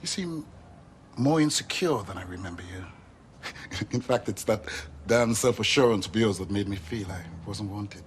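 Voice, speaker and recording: A man's voice: on the low side, moderate pace, a little hiss or hum, lightly acted. An actor playing a wry, cautious father in a 1980s TV soap, with a hesitant manner. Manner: wry, hesitant, soft laughs.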